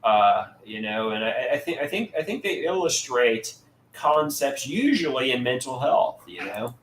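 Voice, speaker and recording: A man hosting a casual livestream, reading out viewers' chat and answering them in a halting way, often repeating words and restarting sentences. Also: mid-range voice, very animated, a bit bright. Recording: roomy echo, faint background noise.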